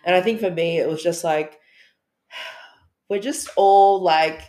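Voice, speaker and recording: A woman from Australia co-hosting a podcast, talking in a reflective, earnest way with soft laughs. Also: lowish voice, slow pace. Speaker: podcast co-host. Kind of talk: casual chat. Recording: echoey room.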